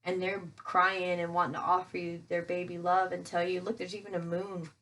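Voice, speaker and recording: A woman with a somewhat low voice gives a casual tarot reading to her viewers. She is chatty, calls them guys and thinks aloud with fillers as she turns each card. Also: little pitch movement, normal speed, fairly bright tone. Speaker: tarot reader.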